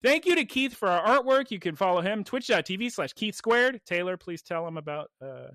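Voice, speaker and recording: Guy hosting a podcast, super animated, high and bright, just gushing about stuff. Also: fairly quick, no room sound, studio quality. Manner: excitable, gushing. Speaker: podcast host. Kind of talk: casual podcast chat.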